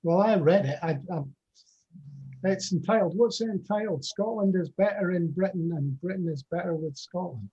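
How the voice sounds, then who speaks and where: A man's voice: high voice, normal speed, dark tone. A man chatting on a political panel in a dry, matter-of-fact way. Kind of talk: casual political chat. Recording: dull lo-fi audio.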